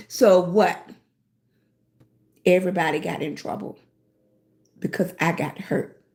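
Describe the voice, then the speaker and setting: A woman telling a childhood story on a live stream, animated, repeating phrases and filling pauses with mm-hmm. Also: medium pitch. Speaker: lifestyle blogger on a livestream.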